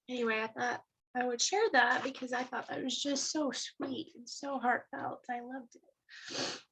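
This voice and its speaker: A woman's voice: on the high side, steady tone, a little slow, a bit bright, husky, rough recording. A woman hosting her own channel, talking in a loose, chatty way with frequent "um" and "uh" fillers as she runs through her notes. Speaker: channel host. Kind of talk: casual spoken commentary to camera.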